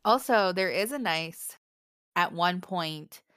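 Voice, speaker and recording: A woman's voice: on the low side, animated, takes it slowly, a bit bright, clear, resonant tone, no room sound, clean studio sound. A young woman co-hosting a casual book podcast, gushing and giggling as she reads favorite quotes aloud. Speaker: podcast co-host.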